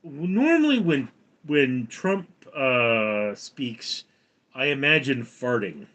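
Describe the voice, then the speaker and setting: A man hosting a casual livestream, rambling with halting restarts. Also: mid-range voice, big pitch swings, fairly bright tone, lo-fi sound. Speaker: livestream host.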